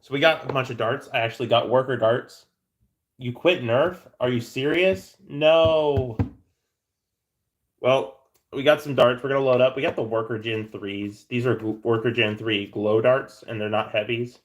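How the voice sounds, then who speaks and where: A livestream host chats loosely at a moderate pace, answering viewers as he goes. His pitch is an ordinary middle range, and he rambles and jokes, often stumbling over words and starting sentences over.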